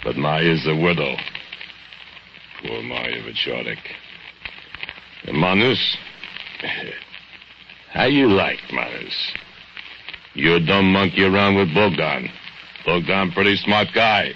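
An actor playing a brooding, menacing male foundry laborer who speaks slow broken English, in 1940s radio acting on a muffled old recording with music. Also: extremely low pitch, lively intonation, gravelly, slight background noise, full character voice.

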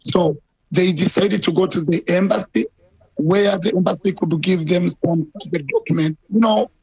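A man's voice: sits high, normal speed, a little mellow, breathy edge, no room sound, poor audio. A man from Burundi, a community leader, answering a news interview hesitantly, with many fillers and repeated words.

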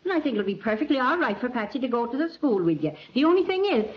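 A woman's voice: high-pitched, big pitch swings, quick pace. A woman playing a spirited mother in a 1930s radio drama, speaking with a lilting brogue. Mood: cheerful. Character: spirited older Irish mother, Ma Donovan. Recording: lo-fi old radio recording.

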